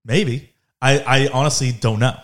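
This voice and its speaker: A man in his twenties chatting casually, frank and relaxed, swearing freely. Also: mid-range voice, moderate pace. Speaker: co-host, law school applicant. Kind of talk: casual family chat.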